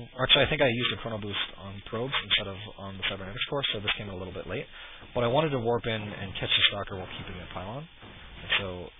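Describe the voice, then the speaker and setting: A man casually commentating his own match replay, relaxed and self-critical, with lots of ums. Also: low-pitched. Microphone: cheap desk mic. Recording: tinny lo-fi mic with loud noise.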